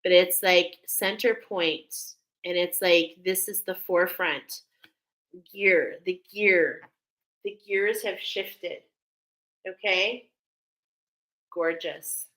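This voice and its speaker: Woman oracle reader, slow and bright, effusive, live-stream card reading with an American accent. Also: fairly low pitch, steady tone, low-quality recording. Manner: effusive, exclaiming, laughing often.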